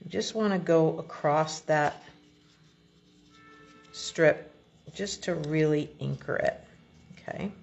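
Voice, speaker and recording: A woman demonstrating card making, explaining each step in a relaxed, chatty way as she works. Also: low voice, slow, creaky, pauses often, dull audio, faint music behind. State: has the hiccups. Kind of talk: crafting tutorial.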